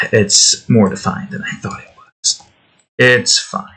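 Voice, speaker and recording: Bright-voiced man ranting while drawing. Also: on the low side, fairly even intonation, slow, husky. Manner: rambling, profane and sarcastic. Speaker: art channel host. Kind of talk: casual commentary while drawing.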